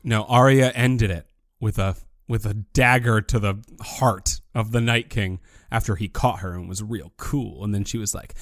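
A man's voice: fairly low pitch, steady tone, moderate pace, no room sound, clean studio sound. A man co-hosting a casual podcast, joking and acting out characters' lines. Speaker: podcast co-host.

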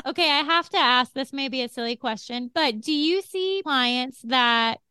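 A woman podcast host talks in a fairly high, bright voice that is smooth and clear. She is chatty and self-deprecating, and the dry, close sound has no room in it. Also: normal speed, dry recording. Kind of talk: casual podcast chat.

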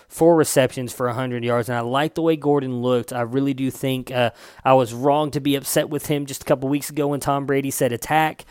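Man, young adult, fantasy football host, casual rambling chat, clear resonant voice, dry room. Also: medium pitch, no room sound. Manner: loose and chatty, swears, stumbles and corrects himself.

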